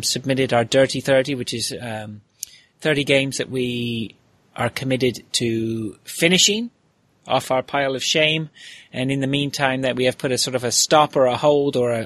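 A man's voice: mid-range voice, fairly bright tone, no echo. A man hosting a casual podcast, chatty and rambling, with frequent fillers and restarts. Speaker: podcast host.

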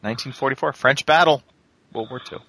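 Bright-voiced man hosting a quiz. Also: mid-range voice, brisk, slight background noise. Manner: playful, mock-formal quizmaster. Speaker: quiz host. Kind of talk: casual podcast quiz.

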